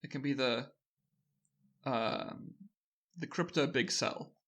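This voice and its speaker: A man co-hosting a podcast, running through news in a relaxed, rambling way and laughing easily. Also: medium pitch, takes it slowly. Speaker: podcast co-host. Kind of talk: casual news chat.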